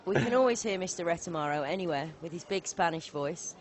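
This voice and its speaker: A woman from southern England doing live poker tournament commentary, chatty and quick with asides and laughter. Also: lowish voice, lively intonation.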